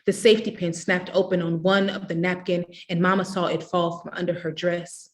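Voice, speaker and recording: A woman reads a novel aloud in a measured, expressive way, her voice sitting fairly low. She narrates steadily between the characters' lines, like a public literary reading. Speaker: reader.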